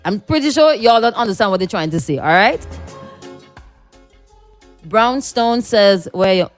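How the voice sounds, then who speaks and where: A woman's voice: medium pitch, animated, a little slow, soft background music. Laughing woman hosting morning radio. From Caribbean. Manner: laughs often, reads listener comments aloud. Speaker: radio host. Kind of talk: casual morning radio banter.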